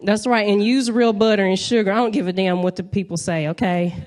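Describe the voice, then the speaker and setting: A woman's voice: mid-range voice, fairly even intonation, a little fast, darkish tone. A young woman from North Carolina, doing a brash, playful stand-up set and talking straight to the crowd from a comedy club stage.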